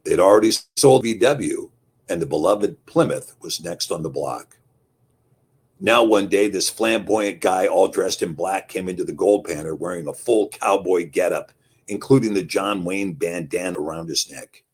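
Husky low-voiced male storyteller. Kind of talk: scripted narration.

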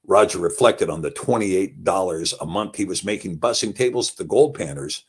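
A man narrating a story in a folksy, unhurried way. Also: sits low, breathy edge. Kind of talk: scripted narration.

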